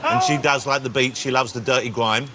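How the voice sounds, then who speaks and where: Quick, lively comedian. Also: male voice, mid-range voice, heavy background noise. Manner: animated, quick anecdote telling. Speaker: quiz panelist. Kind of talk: comic storytelling. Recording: live studio with audience.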